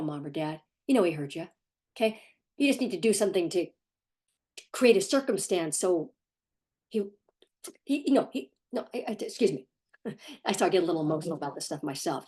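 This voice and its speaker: A middle-aged woman talks as a parenting coach in an opinionated video commentary. She is sarcastic and emphatic, and her voice sits in a middle pitch. She pushes her points with animated stress.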